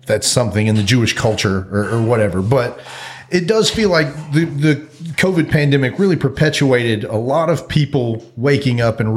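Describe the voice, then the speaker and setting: A man co-hosting a podcast in casual chat, hedging and thinking aloud as he talks. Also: mid-range voice. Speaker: podcast co-host.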